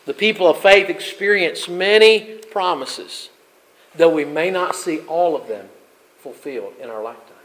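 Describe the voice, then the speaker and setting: A man preaching a sermon as pastor, building emphatic peaks and dropping to soft asides. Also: a little high, moderate pace, low-quality recording.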